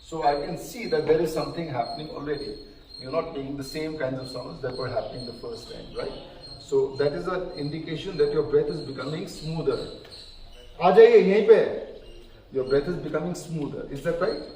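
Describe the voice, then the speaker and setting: A man calmly guiding a group through yoga breathing and counting, slightly out of breath. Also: fairly high pitch. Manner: calm, counting slowly, gently checking in. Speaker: yoga instructor. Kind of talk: guided breathing instruction. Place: large hall at a live session. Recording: very echoey hall, distant mic, faint noise.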